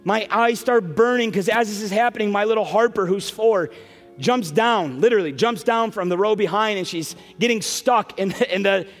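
A middle-aged man preaching a sermon as pastor, telling an emotional family story with quick asides. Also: high-pitched. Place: large church sanctuary. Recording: long hall reverb, soft music behind.

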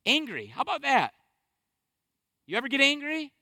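Male preacher, impassioned sermon, very bright tone, close and dry sound. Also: extremely high pitch, wildly swooping pitch, normal speed, no room sound. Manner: impassioned, swinging between hushed and loud. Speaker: pastor.

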